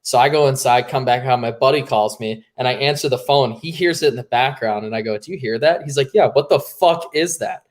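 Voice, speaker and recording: A man's voice: medium pitch, fairly quick, few pauses. Laid-back man telling a rowdy story. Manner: laid-back, swears freely, laughs mid-story. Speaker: podcast co-host. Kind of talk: casual storytelling chat.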